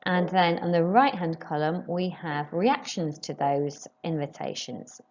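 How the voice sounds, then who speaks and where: A woman teaching a French lesson, modelling phrases slowly and clearly for pupils to repeat. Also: fairly low pitch, darkish tone, dull audio. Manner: slow, clearly modelled French pronunciation with rising questions. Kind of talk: recorded classroom lesson.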